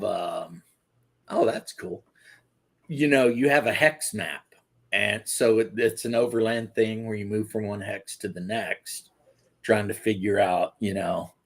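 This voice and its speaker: Slow, gravelly, husky man. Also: lowish voice. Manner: rambling, many fillers and restarts. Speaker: co-host. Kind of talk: casual chat about tabletop gaming.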